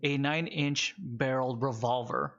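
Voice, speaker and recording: A man acting as game master, narrating a combat scene in a relaxed, plain-spoken way. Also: mid-range voice, a little slow, muffled recording.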